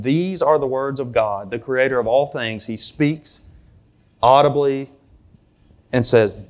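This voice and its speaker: A man's voice: mid-range voice, unhurried. A man preaching a sermon to a congregation in a conversational way, with asides and questions to the room. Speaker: pastor.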